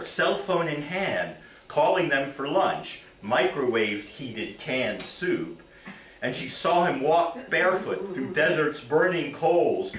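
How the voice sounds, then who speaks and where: Man, poet, live poetry reading, lively intonation, echoey theater, faint background. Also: medium pitch, a little hiss or hum. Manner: measured, expressive reading. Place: theater stage. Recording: roomy theater, from far off.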